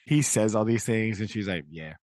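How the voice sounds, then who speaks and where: A man's voice: on the low side, steady tone, moderate pace, darkish tone, no echo. A man co-hosting a podcast in casual book talk, rambling with many "like"s and "right?"s, acting out quotes in shifting voices. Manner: acts out quotes in changing voices. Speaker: podcast co-host.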